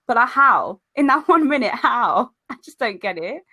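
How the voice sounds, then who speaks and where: A woman's voice: a little high, normal speed. A young woman, co-hosting a podcast in casual chat and telling stories with acted-out quotes. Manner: lively storyteller, acts out quoted voices. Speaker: podcast co-host.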